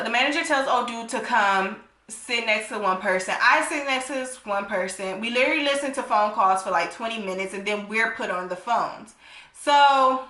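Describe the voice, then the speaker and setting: A woman telling a storytime vlog, animated and emphatic, swearing freely and tagging her points with "okay?". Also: a little high, roomy sound. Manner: animated, emphatic, profane, tagging lines with 'okay?'.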